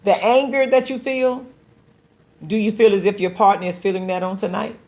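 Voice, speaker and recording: Hosting a call-in radio program, this woman pastor speaks with medium pitch, a steady, somewhat dark tone, and a moderate pace. Her delivery is earnest and exhorting, like preaching, and she frequently repeats words to build toward a point.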